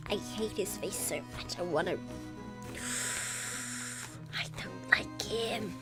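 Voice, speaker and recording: A woman's voice: medium pitch, takes it slowly. A young woman streaming a game from home, chatting expressively and reacting, with a scratchy throat from coughing. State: coughing, something stuck in her throat. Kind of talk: casual live-stream commentary. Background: background music.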